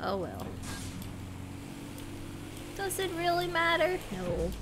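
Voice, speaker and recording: A woman's voice: very high voice, very animated, takes it slowly, noisy background. A woman streamer giving playful, casual commentary while playing a game, swearing and chatting with viewers.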